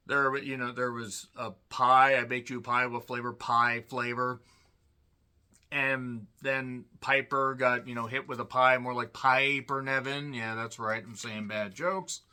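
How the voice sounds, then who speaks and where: A man giving a casual spoken review of a wrestling show, sardonic and dry, often clearing his throat. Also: mid-range voice, bright, forceful tone.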